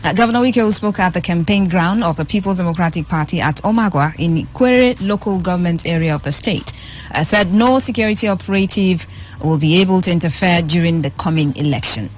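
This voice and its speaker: Speaking a little fast in a lowish voice, a Nigerian-accented woman chats and reads the news as a radio host. She emphasizes words by saying them more than once. The studio microphone picks up slight background noise.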